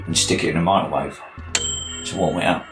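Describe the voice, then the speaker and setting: A man's voice: sits low, steady tone, a little fast. A man telling crude stories casually and laughing at them. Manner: blunt, crude, laughs at his own stories. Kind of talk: casual storytelling. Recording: echoey room with music behind.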